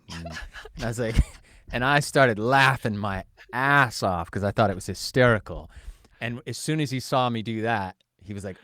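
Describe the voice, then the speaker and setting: Man, podcast co-host, low voice, dry close mic, animated storytelling, casual chat. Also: no echo. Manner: animated storyteller, acts out quotes.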